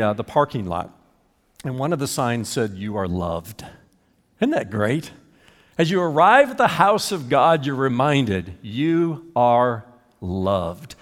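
An older man preaching a sermon as a pastor, emphatic and animated, with chuckles between points. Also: medium pitch. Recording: reverberant hall.

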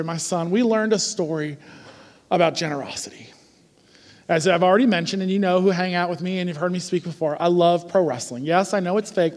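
A man in his forties preaching a sermon, telling stories in a lively, conversational way and often checking in with the congregation. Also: high voice, big-room sound. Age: 40s. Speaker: pastor. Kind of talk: sermon with storytelling.

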